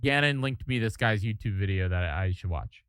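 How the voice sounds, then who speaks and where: Bright-voiced man rambling on a live stream. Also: on the low side, expressive, moderate pace, clear, resonant tone, no echo, clean studio sound. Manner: rambling, stammering, easily amused. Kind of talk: casual live-stream chat.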